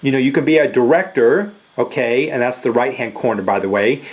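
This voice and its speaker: A man's voice: medium pitch, a little fast. An older man giving a casual motivational talk in a direct manner, often checking in with "okay?" and "you know.". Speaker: motivational speaker.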